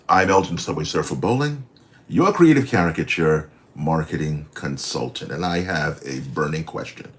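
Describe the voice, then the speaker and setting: A deep-voiced man in his sixties talks to his livestream from home. He rambles in a friendly, animated way and corrects himself as he goes. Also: normal speed. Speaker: caricature artist hosting a livestream. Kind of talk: casual live stream chat.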